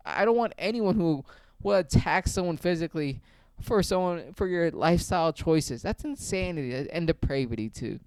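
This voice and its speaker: A man's voice: a little high, animated, normal speed, darkish tone, dry recording. A man delivering a heated, blunt opinion rant to camera, full of profanity. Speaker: video creator.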